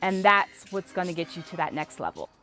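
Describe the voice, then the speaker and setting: A woman in her thirties, a former softball player, telling a lively motivational story to camera. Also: lowish voice, a little fast, soft background music.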